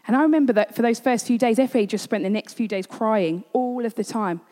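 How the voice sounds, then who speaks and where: Woman preacher, earnest storytelling, slightly high voice, reverberant hall. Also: a little fast, dark tone. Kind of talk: sermon.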